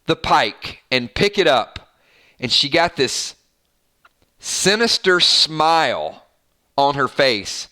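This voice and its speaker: Animated man giving TV commentary. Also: a little high. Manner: animated, with frequent stammered restarts. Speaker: YouTube show host. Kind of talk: casual TV episode commentary.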